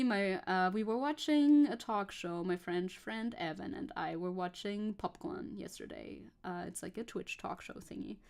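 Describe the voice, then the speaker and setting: A young woman VTuber streamer with a clear, resonant, mid-range voice chats casually while she paints. She rambles along and swears now and then.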